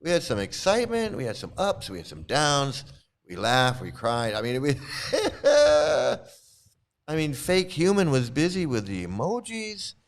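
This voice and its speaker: A man's voice: mid-range voice, sing-song, moderate pace. A man on a live stream reading quotes aloud and commenting on them with scorn, sometimes bursting out in anger and swearing. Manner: angry outbursts with swearing.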